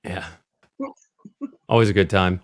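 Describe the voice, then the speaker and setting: A man's voice: deep voice, steady tone, unhurried. A man co-hosting a casual movie podcast, steering the talk through the story scene by scene. He drops dry little jokes along the way. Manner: retells plot in order, dry asides. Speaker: podcast co-host. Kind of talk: casual movie-review chat.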